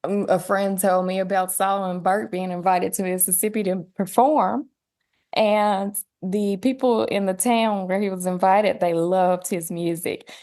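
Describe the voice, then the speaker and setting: A woman from West Tennessee with a Southern twang, a musician telling stories in a relaxed interview chat, often quoting others in animated voices. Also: mid-range voice, unhurried. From West Tennessee, USA. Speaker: guest musician.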